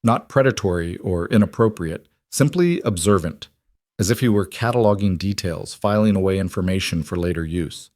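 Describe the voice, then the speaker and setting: Low-voiced man narrating a story. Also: normal speed, a little mellow, no echo, studio quality.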